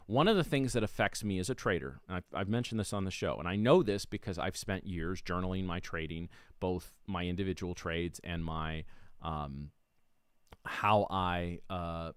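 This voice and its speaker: Host type, man with a lowish voice, chatty explainer who keeps restarting and tags "right?" onto his points, close dry mic. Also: a bit bright, no echo. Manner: conversational, restarts often, keeps checking with "right?". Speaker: trading show host. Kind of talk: casual explanatory talk on a livestream.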